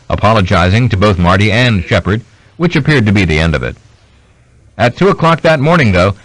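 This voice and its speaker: A man reading a biography aloud as an audiobook narrator, in steady scripted narration. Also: fairly low pitch, no room sound, low-quality recording. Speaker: audiobook reader.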